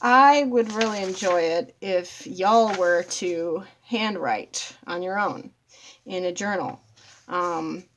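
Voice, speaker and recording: A woman's voice: lowish voice, slow, a bit bright, a little hiss or hum. A woman vlogger, talking bluntly to her viewers, swearing freely and calling them y'all. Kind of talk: casual talk to camera.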